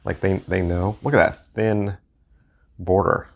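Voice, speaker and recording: A man's voice: sits low, steady tone, a little slow, vocal fry. A man talking casually while looking through his playing card collection, thinking aloud and rambling as he goes. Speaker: deck collector and reviewer.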